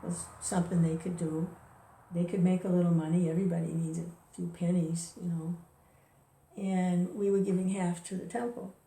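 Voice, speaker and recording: A woman who rambles and chuckles through a casual spoken reflection, chanting softly between her thoughts. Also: fairly low pitch, level tone, moderate pace, creaky. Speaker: devotee sharing reflections. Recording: roomy distant recording.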